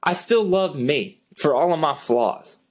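Husky, laughing podcast co-host man. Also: on the high side, expressive, measured pace. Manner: laughs easily, teasing and supportive. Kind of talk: casual chat.

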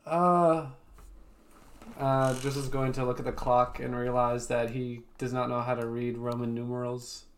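Young male player, mid pitch, musing questions, faint noise. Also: little pitch movement, unhurried. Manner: thoughtful, asks questions, musing. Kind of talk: casual tabletop game chat.

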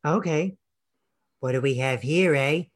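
A man's voice: fairly high pitch, measured pace. A man co-hosting a podcast over a video call, thinking aloud and muttering to himself as he chats. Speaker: podcast co-host. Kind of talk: casual chat.

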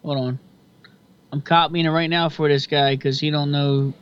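A man's voice: on the high side, level tone, moderate pace, clean tone. A man co-hosting a casual fight-pick chat, loose, profane and chatty. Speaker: podcast co-host. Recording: dull lo-fi sound.

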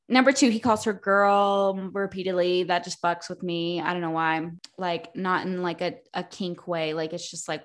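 A woman's voice: medium pitch, normal speed, a bit bright. A young adult woman co-hosting a casual book podcast, ranting and swearing as she recaps and reads quotes dramatically. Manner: profane, ranting, dramatic read-aloud of quotes. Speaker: podcast co-host.

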